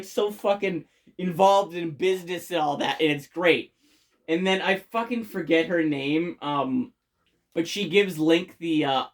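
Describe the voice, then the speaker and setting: Swearing, rambling game reviewer. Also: mid-range voice. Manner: rambling, swears constantly, many fillers and restarts; enthusiastic. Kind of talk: casual spoken game review.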